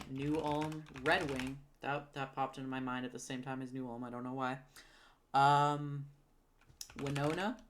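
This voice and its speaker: A woman recalling and naming towns out loud, hesitant with many ums, correcting herself and apologizing for her pronunciation. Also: low voice, a little hiss or hum. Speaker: geography video creator. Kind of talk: casual recall while typing.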